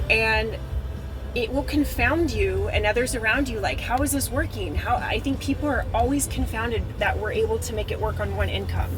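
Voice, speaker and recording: A woman's voice: on the high side, low-quality recording. A woman in her thirties, a stay-at-home mom, talking earnestly to her viewers about faith. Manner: earnest, heartfelt, encouraging. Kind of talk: casual faith talk to camera. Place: car while driving, then at home. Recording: road and car noise behind.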